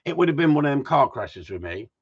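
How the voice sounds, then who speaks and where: Husky, swearing man on a dull recording. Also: mid-range voice, fast talker. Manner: animated, swears freely, frequent restarts. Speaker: gundog trainer. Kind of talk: casual chat, storytelling.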